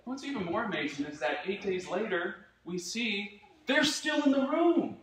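A man preaching a sermon as pastor, earnest and reflective, swinging from emphatic peaks to quiet asides. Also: sits high, animated, normal speed, a little hiss or hum. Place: church.

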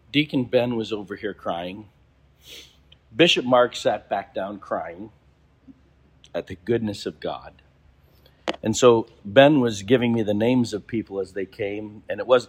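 A man, a bishop, preaching a sermon and telling a story, slowing down for emphasis. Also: fairly low pitch, husky.

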